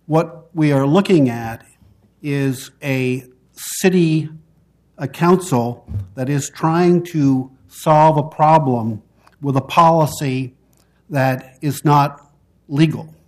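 A man giving formal public testimony at a city council hearing, speaking in a measured, deliberate way and pausing between phrases. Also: a little high, a little mellow.

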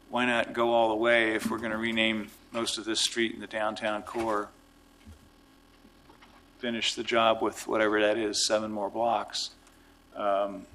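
A man running a city council meeting as mayor, with a low, bright, forceful voice. He speaks informally, musing aloud and adding light jokes. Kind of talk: presiding over a public meeting.

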